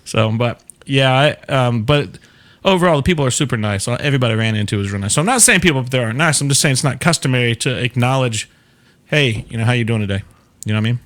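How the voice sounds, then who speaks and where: A man's voice: medium pitch, lively intonation, very fast, fairly bright tone. A man from Florida with a Southern accent, hosting a casual show and answering viewer questions in a rambling, chatty way. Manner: rambling, chatty, laughs often. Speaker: show host.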